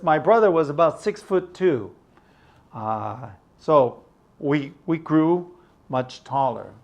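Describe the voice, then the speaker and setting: An older man teaching an English lesson, patiently explaining words and checking understanding. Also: on the high side.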